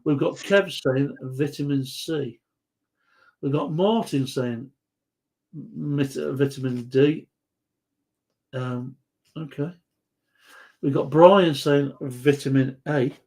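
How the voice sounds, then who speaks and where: A man's voice: on the high side, slow pace, pauses often, a little mellow. A man hosting a live quiz chat, reading out viewers' answers in a rambling, jokey way and stumbling over words.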